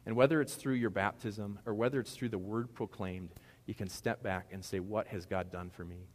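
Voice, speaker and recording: A man preaching a sermon in a conversational, animated way, with casual asides to the congregation. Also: on the low side, moderate pace. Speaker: pastor. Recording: long hall reverb.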